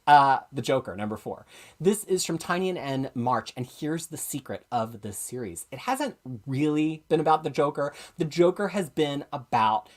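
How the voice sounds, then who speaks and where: Comics stream host rambling fast, super animated up and down, self-aware and chatty. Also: medium pitch. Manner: enthusiastic, opinionated. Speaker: comics review show host. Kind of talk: casual live-stream chat.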